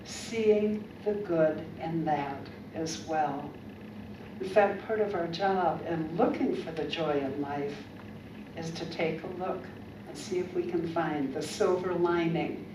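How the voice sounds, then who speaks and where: A woman minister giving an upbeat, conversational sermon and leading the congregation in affirmations, recorded from far off in a church sanctuary. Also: fairly low pitch. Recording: roomy church sound from far off, noisy.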